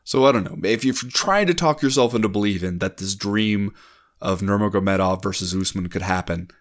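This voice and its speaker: A man co-hosting a sports podcast, weighing things out loud in casual chat. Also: lowish voice, fairly quick. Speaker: podcast co-host.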